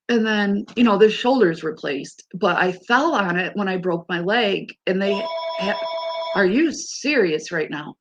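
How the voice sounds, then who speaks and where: A woman in her fifties chats casually with a live audience, telling exasperated stories. Her mid-range voice is animated and unhurried, and the recording cuts off the highs.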